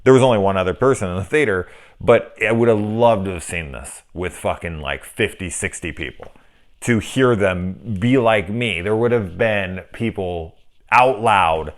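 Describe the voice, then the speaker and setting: Deep-voiced middle-aged man ranting casually. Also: normal speed. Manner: profane, ranting, acts out quoted reactions. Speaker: film reviewer. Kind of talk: casual spoken film review.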